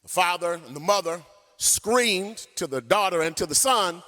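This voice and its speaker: A man pastor preaching a sermon and telling a story in an animated way, sometimes singing his phrases. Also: sits high, normal speed. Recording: long church hall reverb.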